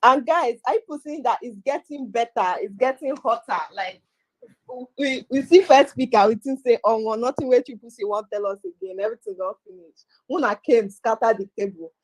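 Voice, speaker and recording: A woman's voice: fairly high pitch, normal speed, darkish tone, no room sound, rough recording. A Nigerian woman co-hosting an online webinar, hyping up speakers with energy and teasing, slipping into Pidgin. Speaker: webinar co-host. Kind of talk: lively casual chat with Pidgin.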